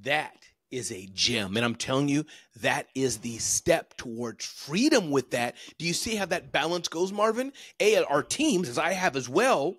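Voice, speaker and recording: Male motivational speaker guest, high voice, emphatic, coaching style, dry sound. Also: lively intonation, unhurried, few pauses, fairly bright tone, husky, no echo. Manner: emphatic, coaching, lists points. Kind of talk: interview conversation.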